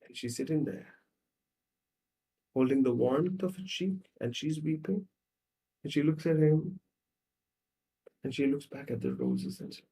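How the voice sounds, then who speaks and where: A man, a psychologist guest on a podcast, tells stories dramatically and acts out the scenes, swinging between loud and soft. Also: fairly high pitch, measured pace, long pauses. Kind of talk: podcast conversation.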